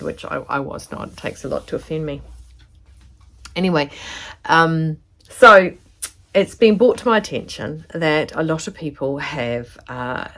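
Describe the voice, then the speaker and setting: A woman's voice: low voice, fairly bright tone. A woman with a New Zealand accent giving a chatty, rambling sewing tutorial to a camera in her home studio. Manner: chatty, rambling, fond of asides. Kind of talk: casual tutorial chat to camera.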